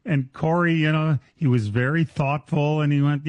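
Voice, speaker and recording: A man hosting a racing talk radio show, chatting casually and excitedly with frequent laughs and restarts. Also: a little high, moderate pace, dry recording.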